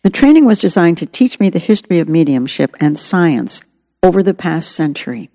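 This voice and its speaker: A woman's voice: fairly low pitch, sing-song, a little fast, warm tone, in a large hall. A woman narrating her own memoir as an audiobook, in an earnest, reflective way.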